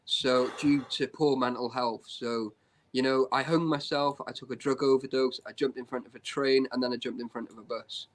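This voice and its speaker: A man's voice: mid-range voice, steady tone, normal speed. A man talking bluntly and openly in a casual live-stream chat, full of "you know" and "right".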